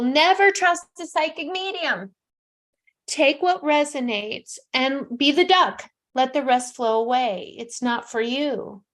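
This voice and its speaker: Emphatic woman in her sixties, higher voice. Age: 60s. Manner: emphatic, heartfelt, drops to soft near-whispers. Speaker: psychic medium host. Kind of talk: casual call-in advice talk.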